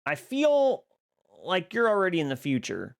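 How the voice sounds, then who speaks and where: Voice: mid-range voice, wildly swooping pitch, normal speed, gravelly. Bubbly streamer with a swooping voice. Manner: bubbly, greets chat by name, laughs often. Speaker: live streamer. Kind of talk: casual live-stream chat with viewers. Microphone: boom mic.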